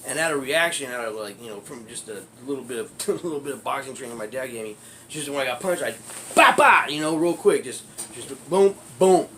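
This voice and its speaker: A man's voice: mid-range voice, fast, a bit bright, slight background noise. A man telling a personal street story in a rambling, profane way, laughing often as he talks. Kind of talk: casual storytelling.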